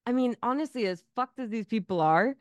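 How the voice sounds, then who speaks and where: Casual female co-host, smooth voice, dry close mic, salty and sarcastic. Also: on the high side, brisk, no echo. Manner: swears a lot, animated and sarcastic. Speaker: podcast co-host. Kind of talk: casual chat.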